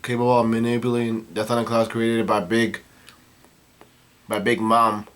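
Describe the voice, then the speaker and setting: A man's voice: medium pitch, moderate pace, natural voice. A man reading as a defiant young heroine. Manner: flat reading with restarts. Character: defiant young woman fighter.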